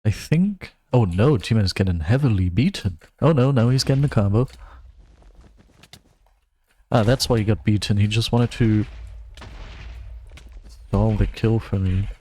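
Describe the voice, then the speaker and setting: A man's voice: fairly low pitch, expressive, unhurried, long pauses, mellow. A young man from Germany, giving wry, self-mocking running commentary while streaming a game. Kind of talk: casual gameplay commentary.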